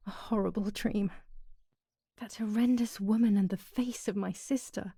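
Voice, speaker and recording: A sad young woman narrating a game, gravelly low-toned voice, dry sound. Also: steady tone, normal speed, dark tone, no room sound. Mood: sorrowful. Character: grieving young woman narrating her loss.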